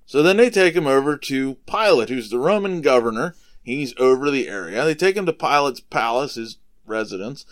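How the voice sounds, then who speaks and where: Man, relaxed storytelling for kids, lively pitch, smooth clear voice. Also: normal speed, hardly any pauses. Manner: relaxed, conversational, explains things simply. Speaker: podcast host retelling Bible stories for kids. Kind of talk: casual storytelling for children.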